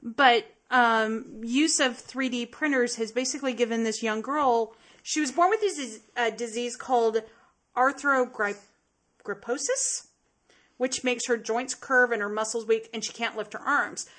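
Giggly woman podcast co-host, fairly high voice. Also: a little slow, a bit bright. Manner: bubbly, giggly, reads news items. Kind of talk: casual chat.

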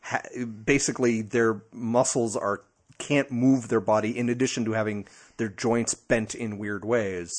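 A man's voice: on the low side, fairly even intonation, unhurried. Male podcast co-host, casual, teasing, rambling explainer. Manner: teasing, explains at length with hesitations. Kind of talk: casual chat.

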